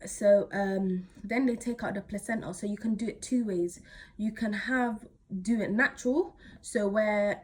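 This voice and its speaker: A teenage girl, chatting to camera as she retells a story in a casual, animated way. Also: medium pitch. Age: teens. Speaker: vlogger.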